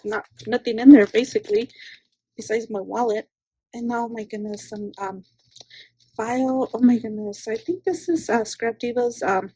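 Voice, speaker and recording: A high-pitched woman in casual unboxing chat, her voice mellow and warm rather than bright. She gushes over each item, thanks the sender again and again, and swings between loud excitement and soft asides. The sound is dry and close, with little room around it. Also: slightly rough, dry recording. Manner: gushing, repeats exclamations, thanks the sender often. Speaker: craft channel host.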